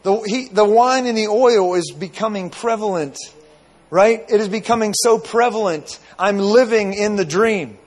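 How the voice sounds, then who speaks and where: A man's voice: high-pitched, normal speed. A man preaching a sermon, telling a dream with many asides and repeated phrases.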